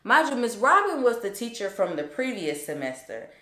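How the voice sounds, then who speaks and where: A woman's voice: fairly high pitch, sing-song, moderate pace, sharp tone. A young woman telling a personal story in a chatty, emphatic vlog style, full of fillers. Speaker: vlogger. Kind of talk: casual storytime. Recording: roomy echo.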